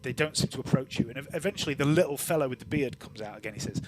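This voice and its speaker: A man running a tabletop game as game master, narrating in a relaxed, rambling way with lots of fillers. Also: mid-range voice, racing, hardly any pauses.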